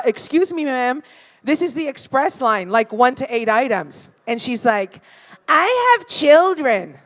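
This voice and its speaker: A brash young woman from the Toronto area working a live stand-up crowd. She rambles through crude stories, swears freely and tosses "right?" at the audience after almost every line. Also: on the high side. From Toronto area, Canada. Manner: brash, profane, rambling storytelling with frequent "right?". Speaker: stand-up comedian. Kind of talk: stand-up comedy set. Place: live comedy venue with audience.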